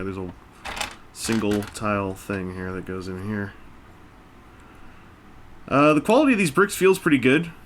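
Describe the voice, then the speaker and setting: There's a little hiss or hum as this fairly low-voiced man works on a brick set at an indoor table. The toy-building host keeps up easygoing, rambling chatter, joking at his own expense and adding asides.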